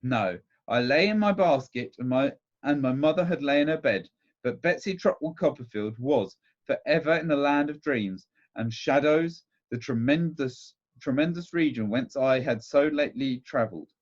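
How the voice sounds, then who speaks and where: A man's voice: medium pitch, lively intonation, moderate pace. A man reading a classic novel aloud, often stumbling over words and going back to restart phrases, in a dull lo-fi recording. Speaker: reader.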